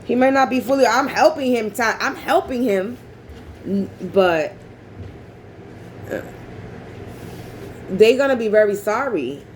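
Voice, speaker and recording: A woman's voice: fairly high pitch, a little slow, pauses often, slight background noise, poor audio. Blunt, profane woman ranting casually. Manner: blunt, profane, rambling, animated. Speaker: vlogger. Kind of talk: casual monologue.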